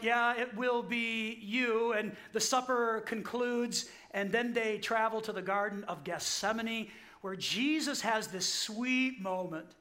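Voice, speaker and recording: A pastor delivers a sermon in a high, bright voice. He narrates scripture like a story, acting out the quoted lines. He repeats his key point slowly.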